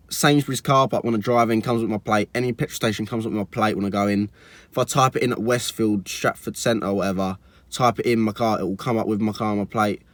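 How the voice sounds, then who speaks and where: A man's voice: mid-range voice, dry recording. Exasperated young man, dry. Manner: chatty, exasperated, full of likes and restarts. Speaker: car vlogger. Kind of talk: casual storytime vlog.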